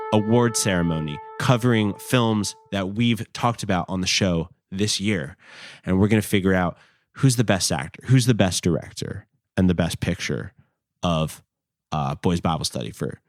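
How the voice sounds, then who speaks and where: A man's voice: deep voice, dry recording. A young man hosting a podcast, chatting casually and rambling with lots of fillers and the odd swear word. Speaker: podcast host.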